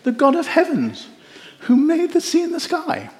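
A preacher voicing a pious, self-righteous male prophet in a high, lofty voice. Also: wildly swooping pitch, moderate pace, heavily acted. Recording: echoey hall.

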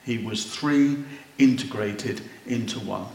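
A man preaching a sermon, slow and earnest, rising to wondering exclamations. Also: on the low side, gravelly. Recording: roomy echo.

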